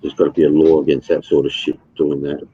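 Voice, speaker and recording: A man's voice: very deep voice, flat delivery, fast, slightly rough. A man in casual chat, talking hesitantly with many fillers and some swearing, on a dull, muffled mic.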